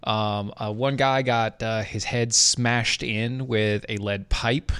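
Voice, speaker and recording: A man's voice: fairly low pitch, fairly even intonation, slow, a bit bright, clear, resonant tone, no room sound. A man co-hosting a casual podcast, rambling with restarts and sarcastic asides, reading an ad in between. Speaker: podcast co-host. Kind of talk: casual chat with ad read.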